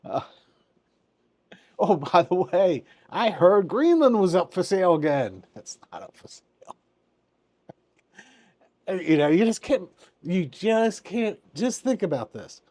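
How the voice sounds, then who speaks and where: A man's voice: fairly high pitch, a little mellow. A man in his fifties hosting a casual finance commentary, chuckling often and making joking asides. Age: 50s. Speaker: finance channel host.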